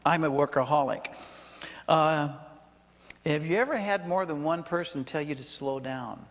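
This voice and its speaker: A man's voice: a little high, normal speed, fairly bright tone, long reverb tail. A male pastor preaching a sermon, talking conversationally with chuckling asides and questions to the congregation. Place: church sanctuary.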